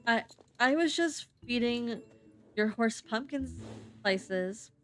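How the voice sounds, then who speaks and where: Slow, halting woman streamer reading aloud. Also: on the high side, expressive, a bit bright, faint music behind. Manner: halting reading with frequent slips and restarts. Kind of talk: reading game narration on stream.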